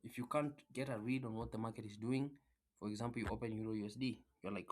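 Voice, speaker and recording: A man talks straight at his audience in a loose, unscripted rant, hammering the same points over and over. His delivery is blunt and profane, with plenty of filler words. The pitch sits in an ordinary middle range for a man. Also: fast talker, a bit bright. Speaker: trading content creator. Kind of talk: casual motivational rant.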